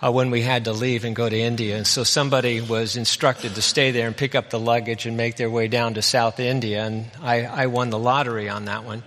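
A man delivers a conversational sermon and retells scripture in a relaxed, folksy way. His voice is bright and forward. It carries a long hall reverb, as from a church sanctuary. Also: medium pitch, fairly quick, few pauses. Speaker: pastor.

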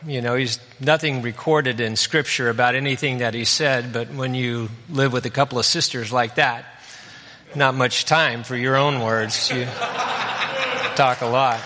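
A man delivers a conversational sermon and retells scripture in a relaxed, folksy way. His voice is bright and forward. It carries a long hall reverb, as from a church sanctuary. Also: medium pitch, unhurried. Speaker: pastor.

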